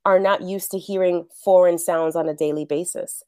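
A woman's voice: on the low side, fairly even intonation, moderate pace, dark tone, no room sound, studio quality. A middle-aged woman from the Bronx, an actress and acting teacher, chatting animatedly as a guest and laughing often. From The Bronx, New York. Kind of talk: casual interview chat.

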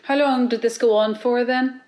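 A woman hosting a podcast asks short, gentle questions during an interview. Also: on the high side, fairly even intonation, normal speed. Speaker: podcast host.

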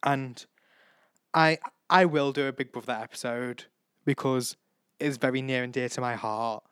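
Young man, solo podcast host, rambling, gushing, swears, middling pitch, dry close sound. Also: fairly even intonation, unhurried, a bit bright, clear, resonant tone, no room sound. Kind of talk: casual solo podcast chat.

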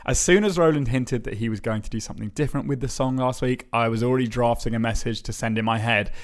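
A man's voice: medium pitch, fast. A man co-hosting a podcast, reading listener emails aloud in casual chat, wry and often chuckling. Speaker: podcast co-host.

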